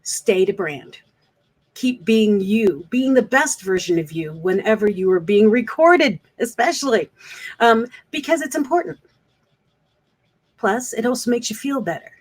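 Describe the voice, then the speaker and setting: Speaking unhurriedly in a fairly high voice with lively intonation, a female speaker coach addresses the camera earnestly. This direct-to-camera advice vlog has her coaching and restating points to drive them home.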